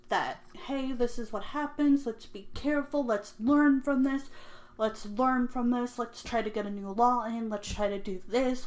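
A young woman hosting a casual true-crime podcast, talking in a rambling, nervous, self-deprecating way. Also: mid-range voice. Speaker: podcast host. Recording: echoey room.

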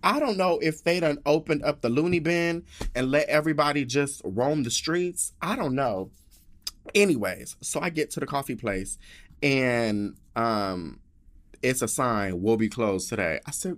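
A man's voice: mid-range voice, expressive, measured pace. A man hosting a podcast, telling a story in a sassy, dramatic rant full of swearing and asides. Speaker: podcast host.

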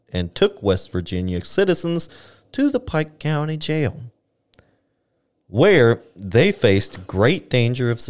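A man with an animated, swooping voice reads archival history on a casual podcast. He takes his time, sliding through long formal sentences at an unhurried pace and stumbling over a word here and there. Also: medium pitch. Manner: reads archival text aloud with stumbles and laughs. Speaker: podcast co-host reading history.

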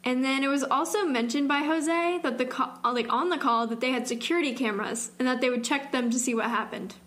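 Young woman, slight southern twang, higher voice, casual podcast chat, lots of "like". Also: a little fast, a bit bright. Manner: chatty, heavy use of "like", trailing restarts. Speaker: podcast co-host. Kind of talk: casual true-crime chat.

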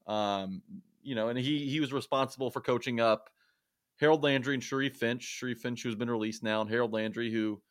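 A man talks through football coaching history on a casual sports podcast. He rambles, restarts sentences and leans on fillers. His voice is mid-pitched and ordinary. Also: fairly even intonation, fairly quick, dry recording, clean studio sound. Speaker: podcast co-host.

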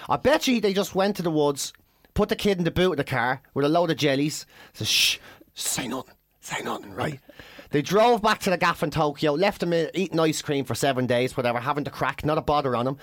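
A man's voice: fairly high pitch, fast, no echo, clean studio sound. An Irish man co-hosting a podcast, swearing a lot and acting out quotes in put-on voices as he tells stories. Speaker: podcast co-host, comedian. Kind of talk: casual banter.

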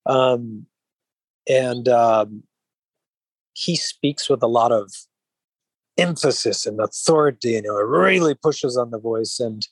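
A man, an actor being interviewed, who talks in an even-keeled, mellow way, rambling with frequent restarts and filler phrases. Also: medium pitch, slow, pauses often, slightly rough, no echo, rough recording. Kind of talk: relaxed interview conversation.

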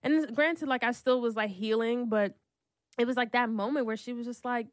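A woman's voice: on the high side, fairly quick, no room sound, studio quality. A young adult woman telling a personal story in casual chat, acting out what everyone said and saying "like" a lot. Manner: animated, acts out quotes, lots of "like".

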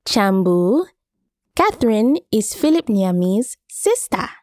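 A woman's voice: medium pitch, sing-song, takes it slowly, no echo, clean studio sound. A woman reading a short story, voicing a cheery, meddling party hostess. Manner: bright, chirpy greeting.

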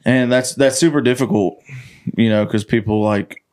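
A man's voice: mid-range voice, moderate pace, smooth. A young man hosting a casual podcast, telling stories with lots of swearing and acting out the people he quotes. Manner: animated, swearing, acts out quoted voices. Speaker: podcast host, country singer. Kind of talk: casual storytelling chat.

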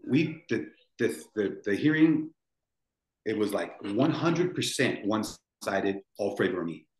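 In a fairly low voice with lively intonation, a man in his forties takes his time sharing a painful story on a podcast. He rambles emotionally, starting over and repeating himself, and the recording sounds echoey and roomy.

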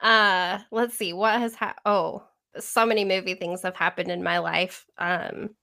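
A woman co-hosts a podcast in lively, enthusiastic conversation. A tickle in her throat leaves her voice slightly squeaky. She laughs easily between her sentences. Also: measured pace, creaky. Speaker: podcast co-host. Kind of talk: casual chat.

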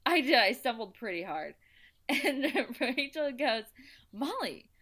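A young woman co-hosting a casual podcast, giggling through her stories. Her pitch swings up and down with plenty of life, and she takes her time, drawing out her words. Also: a little slow. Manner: giggly, animated storyteller who laughs often. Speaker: podcast co-host. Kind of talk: casual storytelling chat.

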